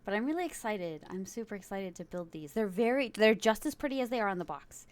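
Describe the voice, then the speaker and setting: A woman's voice: medium pitch, expressive, quick pace. A young woman streaming, chatting casually with her viewers, giggling often and rambling from one thought to the next. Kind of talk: casual chat with live chat.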